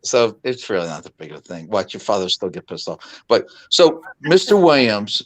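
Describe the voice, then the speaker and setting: A man's voice: on the low side, moderate pace. A man in his fifties, a guest on a video call, telling stories in a casual, laughing chat. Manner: animated, laughing storyteller.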